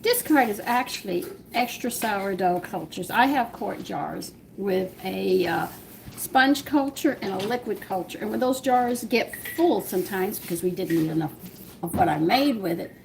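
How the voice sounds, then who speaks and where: Gravelly woman hosting a kitchen stream. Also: mid-range voice, slight background noise, low-quality recording. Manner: chatty, explains steps while working dough by hand. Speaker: home cooking show host. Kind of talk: live-stream cooking demonstration. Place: home kitchen.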